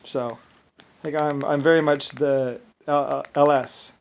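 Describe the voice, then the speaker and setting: A man's voice: on the high side, level tone, a little slow, gravelly, a little hiss or hum. A man talking in a rambling, repetitive monologue, breaking into short laughs. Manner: rambling and repetitive, stacking restarts.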